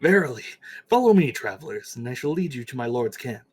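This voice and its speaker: A man's voice: mid-range voice, very animated, fairly quick, a little mellow, slightly rough. A man playing a courtly medieval servant. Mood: courteous. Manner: mock-archaic formal speech.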